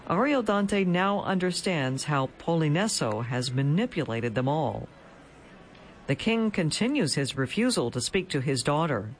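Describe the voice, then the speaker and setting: A man giving a scripted narration as a broadcast announcer, measured and polished. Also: fairly high pitch, big pitch swings, slight background noise.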